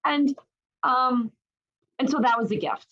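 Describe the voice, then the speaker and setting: A middle-aged woman, a guest, telling a personal story in a lively, animated way with many restarts. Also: high voice, unhurried. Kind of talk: casual storytelling in an interview. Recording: dull lo-fi sound.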